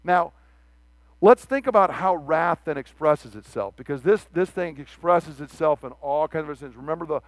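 A man preaching a sermon, animated, acting out the quoted speech of the figures he reads about. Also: on the high side, moderate pace, dry recording.

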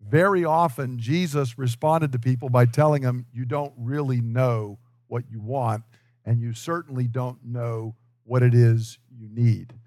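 A man's voice: mid-range voice, steady tone, unhurried, a little mellow, dry recording. A man preaching a sermon in a conversational storytelling way, acting out the voices he quotes. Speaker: pastor.

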